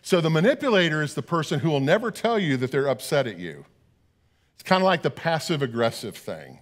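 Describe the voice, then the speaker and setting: A man's voice: a little high, big pitch swings, a little fast. A middle-aged man preaching a sermon as pastor, earnest and often repeating words as he talks.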